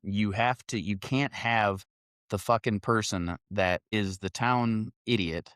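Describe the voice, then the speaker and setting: A man's voice: fairly low pitch, slow, a bit bright, no room sound, clean studio sound. Exasperated, profane man in his thirties. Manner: profane, exasperated storytelling, acting out quoted exchanges. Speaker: podcast co-host. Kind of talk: casual chat. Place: studio.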